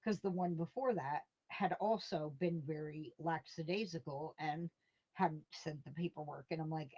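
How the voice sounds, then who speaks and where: A woman's voice: sits low, normal speed, a little mellow. A woman hosting a casual live stream from home, rambling through stories and answering her chat with chuckles. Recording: dull lo-fi stream audio.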